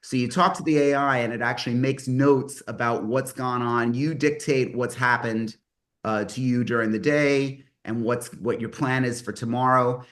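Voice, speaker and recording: A man's voice: medium pitch, steady tone, moderate pace, a bit bright. A man in his fifties hosting a mastermind group on a video call, rambling and correcting himself as he talks. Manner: rambling, self-correcting, enthusiastic. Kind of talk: casual online meeting talk.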